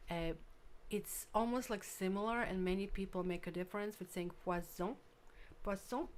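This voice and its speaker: A woman's voice: medium pitch, normal speed. A woman hosting a live tarot stream, chatting casually with viewers and thinking aloud while she works.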